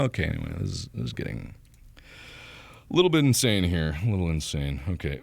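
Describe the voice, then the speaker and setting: A man chats through a casual livestream, cracking jokes at his own expense. His voice is low and gravelly, and it swings widely in pitch. The sound is dry and close. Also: lively intonation, brisk, no echo. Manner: joking, self-mocking. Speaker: streamer.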